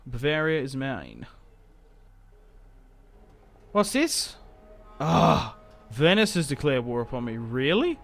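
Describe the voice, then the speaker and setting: Chatty man, fairly high voice. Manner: chatty, rambling, self-mocking with sudden excited outbursts. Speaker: gaming YouTuber. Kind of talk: casual Let's Play commentary. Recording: game music playing faintly behind.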